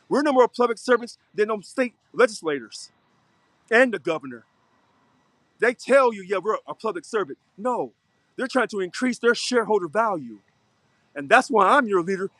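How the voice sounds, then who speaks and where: A man speaks in a high, dry voice, very close to the mic, in an unscripted video monologue. He preaches with fire and repeats himself, leaning on the same phrases over and over. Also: a bit bright, no room sound. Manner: preachy, fiery, repetitive. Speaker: local union president.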